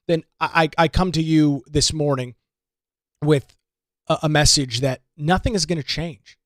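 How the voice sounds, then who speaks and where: A man's voice: a little high, a little slow, dry recording, studio quality. A man hosting a talk radio show, delivering an impassioned political commentary monologue with emphatic repetition. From North Carolina. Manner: impassioned, emphatic, repeats words when stressing points.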